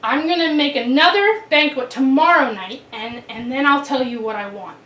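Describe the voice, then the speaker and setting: Lady doing a polite brave young queen, a bit hesitant, high voice. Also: normal speed, a bit bright. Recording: roomy, distant mic.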